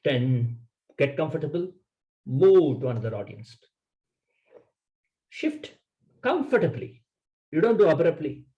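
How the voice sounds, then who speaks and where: A man's voice: fairly high pitch, lively intonation, normal speed, warm tone, dull audio. A man giving a public speaking workshop lecture, emphatic and coaching, in short instructive sentences.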